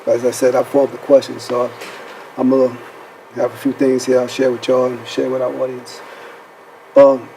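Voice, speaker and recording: Man, talk show host, mellow tone, preacherly, rhetorical questions, faint background noise. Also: mid-range voice, flat delivery, moderate pace, pauses often, low-quality recording. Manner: preacherly, rhetorical questions, says "right?" often. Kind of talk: faith-based counseling talk show.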